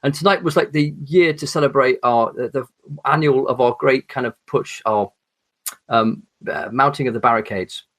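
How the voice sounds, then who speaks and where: An articulate man with an English accent, chatting as a podcast guest, pausing often with ums and restarts. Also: mid-range voice, a bit bright. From England. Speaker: podcast guest, horror author. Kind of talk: casual chat.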